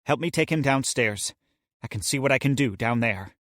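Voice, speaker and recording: A man voicing a wary, brisk woman doctor who speaks curtly and practically. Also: medium pitch, expressive, a bit bright, no echo, clean studio sound, natural voice. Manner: curt, practical.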